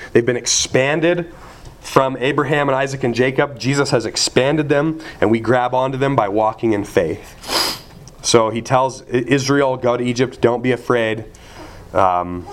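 A man preaches a sermon in an earnest, emphatic way, and he keeps asking his listeners rhetorical questions. His voice sits at a middling pitch. Faint background ambience runs under the recording. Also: a little hiss or hum. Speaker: pastor.

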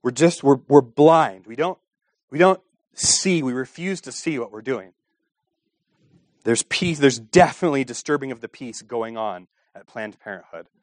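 A man preaching a sermon with impassioned delivery, asking rhetorical questions and swinging between hushed and raised passages. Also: mid-range voice, expressive, moderate pace, no room sound, clean studio sound. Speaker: pastor.

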